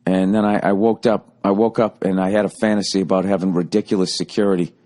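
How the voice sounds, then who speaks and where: A man hosting a solo podcast, rambling through a profane, comic monologue that swings from loud outbursts to low muttering. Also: flat delivery, quick pace. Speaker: podcast host.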